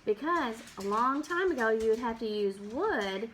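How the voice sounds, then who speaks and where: A woman's voice: on the high side, expressive, normal speed, fairly bright tone, a little hiss or hum. A woman reads a farm picture book to children, acting out animal sounds and stopping to ask them questions. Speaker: teacher reading to children. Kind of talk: read-aloud storytime with explanations.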